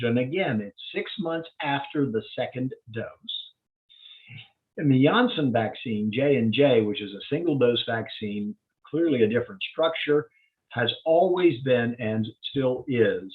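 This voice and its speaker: Brief: male doctor presenting slides, plain-spoken and explanatory, with an animated, rising-and-falling delivery, heard over a narrow phone-like video call. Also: medium pitch, a little slow. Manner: plain-spoken, explanatory, walking through data step by step. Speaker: physician giving a public health update. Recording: tinny phone-like line.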